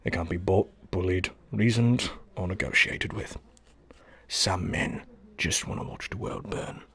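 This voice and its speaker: A man putting on the voice of a calm older butler, speaking slowly and gravely. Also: sits low, voice pushed down, exaggerated voice.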